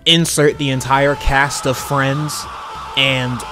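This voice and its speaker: A man's voice: medium pitch, flat delivery, slow, music in the background. A young man giving casual, slangy commentary on a cartoon episode, laughing often. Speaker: video commentator.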